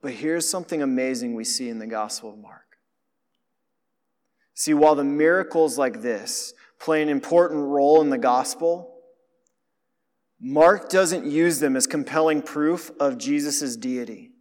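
Male preacher, higher voice, conversational sermon, hushed to emphatic, long hall reverb. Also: measured pace.

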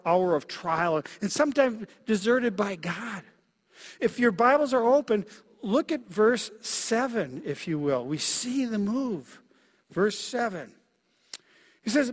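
A middle-aged man from Minnesota delivers a sermon in a fairly high voice. He speaks reflectively, haltingly, leaning on little fillers and letting his voice drop soft at times. The sound carries a long hall reverb, like a large church sanctuary. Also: lively intonation. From Minnesota, USA. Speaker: pastor.

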